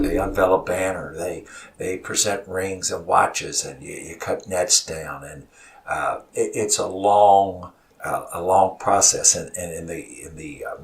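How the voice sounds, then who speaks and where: A man, a college basketball head coach, telling stories in an animated way as a studio guest, repeating words as he gets worked up. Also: low voice, creaky. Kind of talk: emotional storytelling in a studio interview. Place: radio studio. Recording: voice sounds far from the mic.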